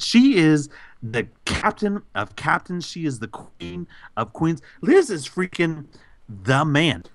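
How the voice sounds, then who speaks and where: A man co-hosting a podcast, heaping playful, over-the-top praise on a supporter with mock bravado. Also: mid-range voice. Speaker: podcast co-host. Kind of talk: hyped shout-out to a patron.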